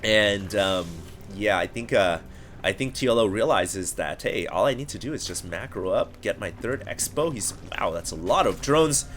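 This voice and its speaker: A man commentating a strategy game match live, energetic and building to excitement at the big plays, his voice sore and strained. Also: fairly low pitch, normal speed, slight background noise. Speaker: esports caster.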